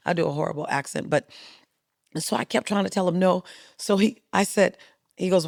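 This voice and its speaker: A woman speaker on a podcast as a guest, telling stories in an emphatic, rhythmic and animated way. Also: on the low side, fairly quick, gravelly, no room sound, studio quality. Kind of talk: storytelling interview talk. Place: podcast studio.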